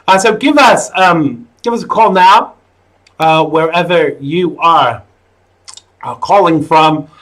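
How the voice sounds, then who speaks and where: A man's voice: high-pitched, moderate pace, a bit bright, poor audio. An American man in his thirties hosting a live call-in political talk show, opinionated and full of "uh" fillers. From United States. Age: 30s. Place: home studio in the UK.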